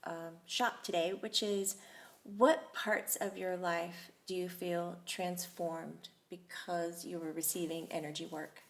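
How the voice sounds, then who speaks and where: A woman's voice: on the low side, level tone, slow pace, gravelly. A woman hosting a talk show, chatting casually and closing with upbeat thanks to her listeners. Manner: upbeat, effusive sign-offs to listeners. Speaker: host.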